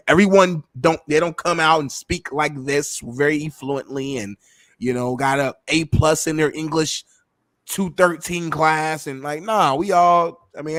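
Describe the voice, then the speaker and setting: Sports show cohost guy, laughs a lot, kinda high voice, dry close mic. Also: no room sound. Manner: laughs often, animated storytelling. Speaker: co-host. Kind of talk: casual sports talk.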